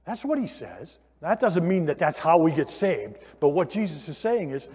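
A man preaching a sermon in a church, conversational and animated, asking the listeners questions. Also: on the high side, normal speed, hardly any pauses, slightly rough. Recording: long hall reverb.

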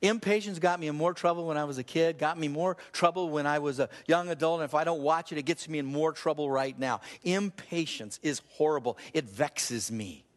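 Male pastor preaching, gets loud and high when he pushes a point, big echoey church hall. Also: fairly quick, hardly any pauses. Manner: animated preacher, voice climbing high for emphasis, laughs at himself. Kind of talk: sermon. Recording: long reverb of a large hall.

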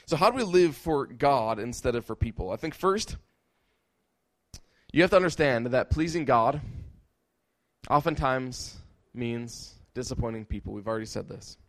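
A man's voice: medium pitch, lively intonation, moderate pace, fairly bright tone. A man preaching a sermon, emphatic, with rhetorical questions and repeated lines.

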